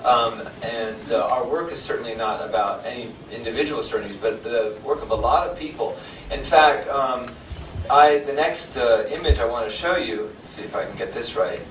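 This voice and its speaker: In a lecture hall, a man speaks as a guest, running down his own credentials in a loose talk packed with fillers and false starts. He has a mid-range, somewhat bright voice and a moderate pace, captured from far off in a noisy, echoing room.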